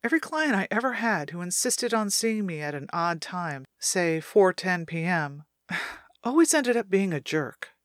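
Calm woman reading a self-help audiobook. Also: on the low side, dry recording, studio quality. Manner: calm, measured, guiding the listener through an exercise. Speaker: author reading her own audiobook.

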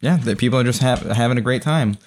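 A man's voice: mid-range voice, fast. A young man narrating as game master of a tabletop game, in a rambling, amused way with many restarts.

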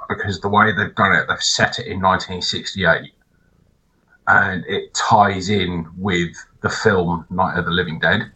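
A man co-hosting a podcast, telling stories in a loose, animated, sweary way. His voice sits fairly low but has a bright, forceful edge. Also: dull audio. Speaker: podcast co-host. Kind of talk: casual chat.

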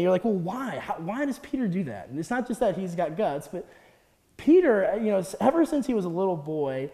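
A young man with a high, mellow voice gives a chatty guest sermon, laughing often and acting out the quotes he tells. His voice rings out with the long reverb of a large hall. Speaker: guest speaker. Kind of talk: casual sermon.

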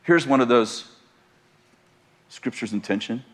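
A male pastor preaching in a high voice that swings widely in pitch. He tells a story with humor and laughs often as he goes. His delivery is animated. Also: normal speed. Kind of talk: sermon.

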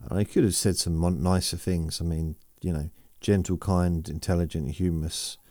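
Low, mellow-voiced man rambling. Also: steady tone, normal speed, dry recording, clean studio sound. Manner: meandering, self-mocking, reads listener messages aloud. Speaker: podcast host. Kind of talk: rambling sleep podcast chat.

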